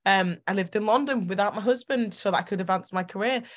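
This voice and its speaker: A woman hosting a podcast, telling personal stories in an animated, emotional way with quick bursts of speech. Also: mid-range voice. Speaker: podcast host. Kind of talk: casual interview chat.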